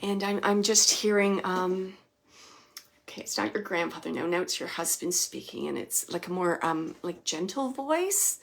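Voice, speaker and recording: A woman hosting a live psychic reading, relaying messages to a sitter in a searching, hesitant way with many fillers and soft, near-whispered asides. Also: lowish voice, animated, normal speed, creaky. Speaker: psychic medium host.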